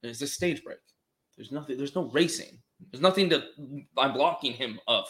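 A man telling friends a story in casual chat, animated and swearing freely as he acts out what people said. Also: mid-range voice, moderate pace.

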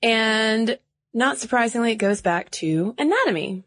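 A woman's voice: fairly high pitch, expressive, unhurried, fairly bright tone, dry recording, studio quality. A woman from the American South co-hosting a podcast in casual chat, laughing often. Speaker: podcast co-host.

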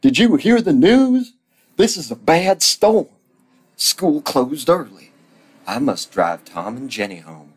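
A man voicing a bossy woman bus driver with a shrill, urgent voice. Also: normal speed, fairly bright tone, breathy edge.

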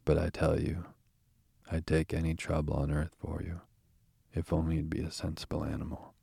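A man's voice: extremely low pitch, completely flat delivery, gravelly, mellow, slightly rough, dry recording, heavily acted. A man reading the part of a cheerful, practical water rat who talks heartily to his friend. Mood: hearty. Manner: hearty, brisk.

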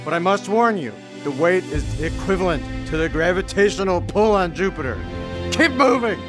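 A man voicing a brash, self-absorbed young male cartoon reporter who yells and bosses his assistant around. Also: animated, moderate pace, music in the background. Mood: excited. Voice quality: high, yelling and bossy. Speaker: field reporter. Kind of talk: cartoon voice acting.

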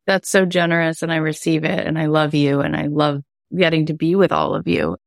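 Low-voiced woman telling a heartfelt story. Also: expressive, fairly quick, dry recording, clean studio sound. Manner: chatty and heartfelt, many "like" fillers. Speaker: life coach and podcast host. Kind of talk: casual personal storytelling.

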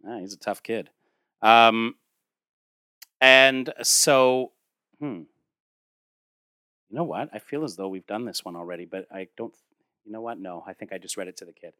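A man's voice: on the low side, moderate pace, pauses often, bright, forceful tone, smooth, no echo, clean studio sound. A man casually retelling a comic story aloud at home, rambling with asides and fillers, now and then talking to a child.

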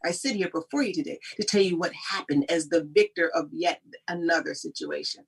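Emphatic husky-voiced woman. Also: fairly low pitch, fairly quick. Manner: emphatic, preachy, often laughing. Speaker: guest speaker on personal growth. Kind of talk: motivational conversation.

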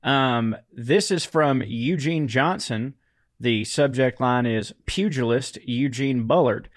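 A man's voice: mid-range voice, takes it slowly, no room sound, clean studio sound. A man, co-hosting a podcast in casual, laid-back chat, reading listener mail aloud and laughing often. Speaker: podcast co-host.

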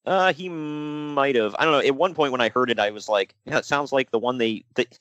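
A man co-hosting a casual podcast chat, animated and jokey, slipping into mock voices. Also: medium pitch, brisk, no echo, muffled recording. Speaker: podcast co-host.

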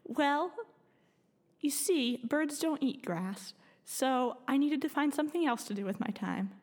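A woman's voice: high voice, animated, a little slow, a little mellow, big-room sound, voice pushed up. A woman voicing a small, cheerful bird who explains itself patiently. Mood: explaining.

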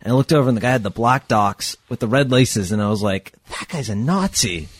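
A man's voice: medium pitch, fast, dry recording. A man chatting casually with lots of filler words. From Southern California. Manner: lively, heavy filler "like". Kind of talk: casual chat.

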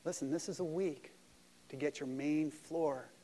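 A man's voice: a little high, measured pace, mellow, slight background noise. A man preaching a sermon at a church service, earnest and conversational, with self-deprecating asides. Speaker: pastor.

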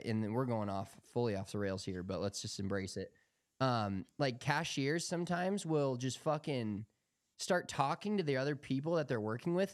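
A man's voice: mid-range voice, dry recording, clean studio sound. A young man co-hosting a podcast, telling rambling, profanity-laced stories in casual chat. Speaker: podcast co-host.

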